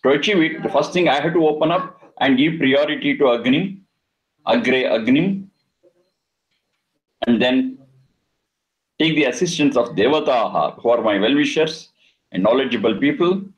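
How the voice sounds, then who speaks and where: The recording is muffled, carrying a medium-pitched male Vedic teacher through a scripture lesson. He works through Sanskrit vocabulary slowly and with deliberation, chanting and repeating the terms as he goes.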